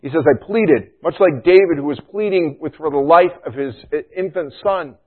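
A middle-aged man preaches a sermon in a loose, conversational way, tossing in "you know" and "right?" as he goes. His voice sits a bit high for a man. The sound is thin and narrow, as if heard over a phone line. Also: moderate pace. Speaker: pastor.

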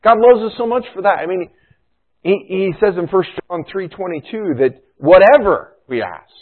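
A middle-aged man preaches a sermon in a loose, conversational way, tossing in "you know" and "right?" as he goes. His voice sits a bit high for a man. The sound is thin and narrow, as if heard over a phone line. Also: animated, moderate pace. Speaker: pastor.

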